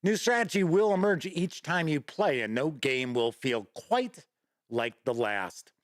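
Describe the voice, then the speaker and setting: A man's voice: fairly high pitch, unhurried, dry recording, studio quality. A man hosting a live-streamed gaming news show, chatty and folksy, greeting viewers by name and reading out news. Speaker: host.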